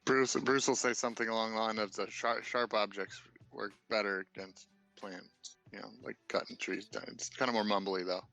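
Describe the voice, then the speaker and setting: A low, gravelly man's voice, talking casually and joking as a player at a tabletop game. Faint music sits under the talk. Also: steady tone, normal speed, hardly any pauses, sharp tone, rough recording.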